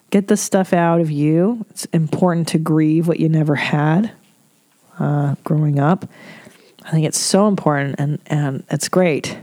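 A woman's voice: sits low, vocal fry, warm tone, dry recording. A middle-aged woman hosting a podcast, giving candid advice on listener letters in a frank, emotional, freely swearing way.

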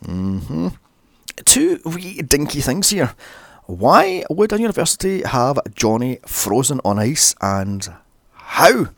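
Guy ranting sarcastically through a movie recap, gravelly voice, bouncy pitch, dry close sound. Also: sing-song, takes it slowly, no echo. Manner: sarcastic, sweary, exasperated asides. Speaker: movie reviewer.

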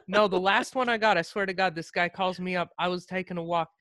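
A young man with a high voice rants in casual chat, full of profanity. He acts out both sides of phone calls as he tells his story. The recording is close and dry. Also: fairly even intonation, fast talker, bright, forceful tone, no room sound.

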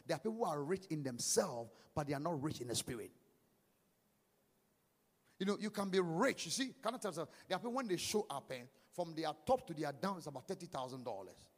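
A man preaches in a church hall, his high voice leaping up and down in sing-song swells. His tone is gravelly with a husky edge. Long reverb from the room trails after each shouted line. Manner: swings from hushed to shouted, sing-song emphasis, calls for claps. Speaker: pastor. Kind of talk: sermon.

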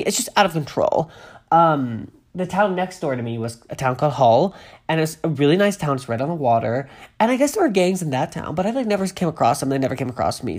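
A woman's voice: low-pitched, darkish tone, slightly rough. A woman from Massachusetts, sniffly from a cold, reads a news article aloud and keeps breaking off into gushing asides and tangents. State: getting over a cold, sniffly. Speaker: vlogger. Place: at home with a pet on her lap.

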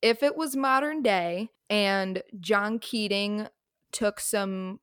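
Wry mid-pitched young woman. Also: takes it slowly, clean tone, dry recording, clean studio sound. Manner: wry, deadpan jokes. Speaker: podcast co-host. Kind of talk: casual podcast chat.

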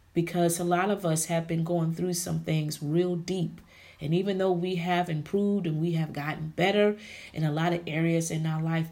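A woman hosts a motivational faith podcast, speaking slowly and deliberately to her listeners. Her voice has a gravelly, fry-laden texture and sits on the low side. She preaches with repetition, calling her audience honey and ladies. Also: darkish tone. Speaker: podcast host.

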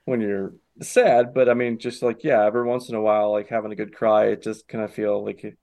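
Gravelly frank guy hosting a podcast. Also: on the low side, steady tone, fairly quick, darkish tone. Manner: frank, easygoing, blunt, swears casually. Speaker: podcast host. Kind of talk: casual chat.

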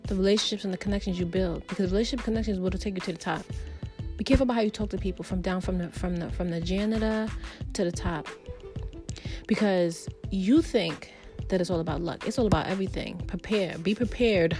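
A woman's voice: medium pitch, fast, over music. A woman vlogger giving casual motivational advice, emphatic and preachy, talking loosely with many fillers. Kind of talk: casual motivational talk to camera.

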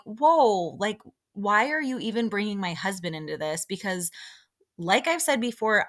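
A young woman hosting a podcast, giving a casual, opinionated recap of a reality show and quoting people along the way. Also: medium pitch. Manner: chatty and opinionated, many fillers, quotes people in lively put-on voices. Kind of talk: casual chat.

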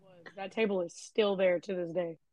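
A woman's voice: lowish voice, steady tone, moderate pace, mellow, dry recording. A young adult woman co-hosting a podcast, telling frank, profane stories in casual chat. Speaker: podcast co-host.

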